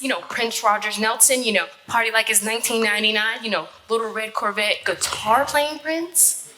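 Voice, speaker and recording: A woman's voice: a little high, moderate pace, sharp tone, low-quality recording. A woman speaking in a sassy, incredulous, playful way in a comedic stage skit.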